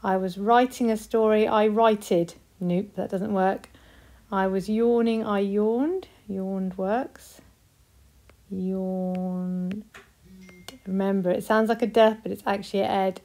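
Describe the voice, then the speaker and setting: British woman, primary teacher, patient and encouraging, models sentences slowly. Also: mid-range voice, fairly even intonation, dark tone. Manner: slow, clear, encouraging, models example sentences. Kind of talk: recorded classroom lesson for young children.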